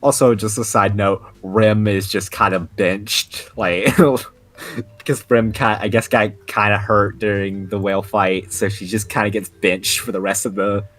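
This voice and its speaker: A man's voice: fairly low pitch, flat delivery, measured pace, fairly bright tone. A young man co-hosting a casual podcast, rambling with many restarts and fillers. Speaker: podcast co-host. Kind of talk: casual anime podcast chat.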